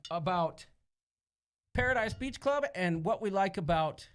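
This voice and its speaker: A Midwestern American man co-hosting a casual live-stream chat, jokey and animated, reading out viewer comments. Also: sits high, unhurried, smooth. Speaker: co-host.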